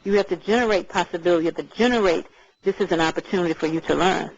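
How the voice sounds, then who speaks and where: A woman chatting casually as co-host, talking in a measured, thoughtful way with some hesitant fillers. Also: lowish voice, lo-fi sound. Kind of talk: casual conversational chat.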